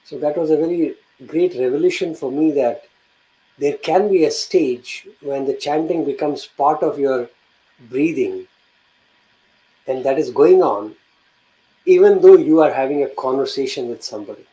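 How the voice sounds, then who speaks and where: A man's voice: fairly high pitch, normal speed, mellow, low-quality recording. A man hosting a devotional talk, reflective and explanatory, who sometimes reads a passage aloud. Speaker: host.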